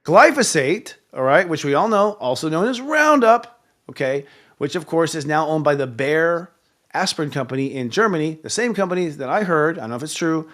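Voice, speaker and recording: A man hosting a live talk show, ranting in an animated, profane way. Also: a little high, fairly quick. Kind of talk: casual chat.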